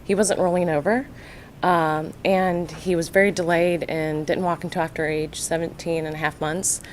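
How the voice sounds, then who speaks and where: A woman's voice: low voice, level tone, slight background noise. Nervous mother testifying at a meeting. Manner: nervous, halting, full of fillers. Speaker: parent giving testimony. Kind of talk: public testimony at a county board meeting. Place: public meeting room.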